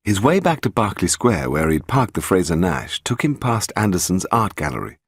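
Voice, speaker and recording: A man narrating a detective novel aloud in a measured, expressive manner. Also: lowish voice, creaky, slightly rough, dry recording, studio quality. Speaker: audiobook narrator. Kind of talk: scripted narration.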